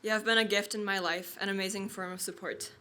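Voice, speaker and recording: A woman's voice: mid-range voice, fairly even intonation, fast talker, bright, forceful tone. A young woman in her late teens giving a heartfelt graduation speech, thanking her family and friends. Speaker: graduating student. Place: outdoor graduation ceremony.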